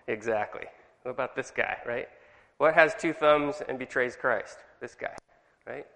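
A man's voice: medium pitch, normal speed, creaky, fairly bright tone, in a large hall. A man with a Californian accent leading a church Bible study group, chatty and firing questions at the group.

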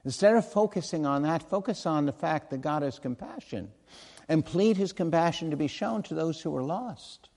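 Earnest preacher in a reverberant hall. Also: male voice, fairly high pitch, lively intonation, moderate pace, creaky, a little mellow. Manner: earnest, conversational, with asides and self-corrections. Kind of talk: sermon.

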